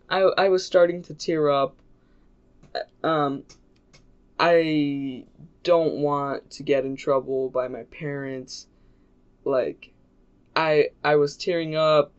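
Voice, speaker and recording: A man's voice: on the high side, clear, resonant tone. A man telling a childhood story in a casual, rambling vlog, with lots of fillers and restarts. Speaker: YouTuber. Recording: dull lo-fi recording.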